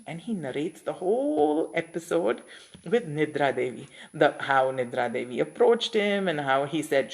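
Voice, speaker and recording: A woman's voice: low-pitched, lively intonation, normal speed, gravelly. A woman telling a story in a casual, chatty vlog style, voicing each character's thoughts as she goes.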